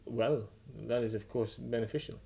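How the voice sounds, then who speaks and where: A man's voice: medium pitch, steady tone, normal speed, creaky, mellow, lo-fi sound, lightly acted. A man voicing a shrewd female clinic doctor with a put-on Russian accent, speaking formally and haggling over prices. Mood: businesslike. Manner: formal, hesitant, businesslike upselling.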